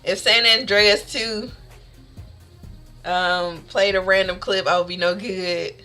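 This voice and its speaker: A woman's voice: medium pitch, fairly even intonation, slow, sharp tone, soft background music. A woman streamer chatting casually with her live audience, bubbly and chatty, laughing often.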